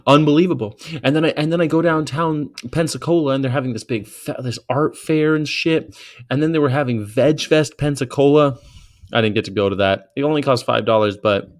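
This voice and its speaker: A man vlogging as a vegan activist, telling stories in a casual, rambling way that is excitable and full of profanity. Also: mid-range voice, brisk.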